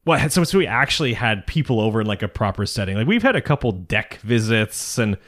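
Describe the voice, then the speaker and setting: A man's voice: fairly low pitch, sing-song, fairly quick, a bit bright. Chatty male podcast host. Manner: chatty, laughs often, self-deprecating. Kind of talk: casual chat.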